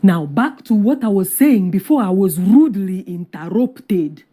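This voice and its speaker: A woman's voice: medium pitch, animated, a little slow, mellow. A woman in a comedy skit playing a speaker who poses as a Nigerian addressing a rally, with a formal speech-making delivery. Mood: rousing.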